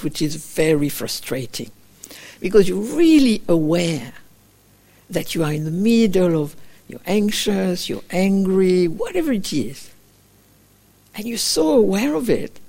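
Gentle woman giving a dharma talk. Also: fairly low pitch. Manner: storytelling, acting out her own inner voice in small quoted asides; gentle, reflective, with frequent fillers like "kind of". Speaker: meditation teacher. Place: meditation retreat center.

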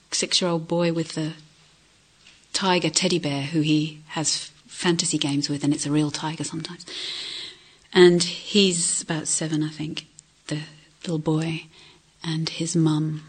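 A woman giving a reflective dharma talk as a meditation teacher, asking questions and often dropping to soft near-whispers. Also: on the low side, husky. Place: retreat centre hall.

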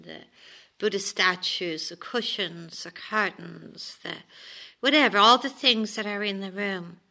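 A woman's voice: medium pitch, sharp tone. A woman meditation teacher giving a reflective, conversational dharma talk in a meditation hall at a retreat. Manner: reflective, conversational, with you-knows and restarts.

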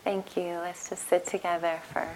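A woman meditation teacher giving a gentle dharma talk at a retreat, telling stories in a soft, calm way. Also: fairly low pitch, normal speed, a little hiss or hum, rough recording. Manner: gentle, storytelling, soft-spoken. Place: retreat center meditation hall.

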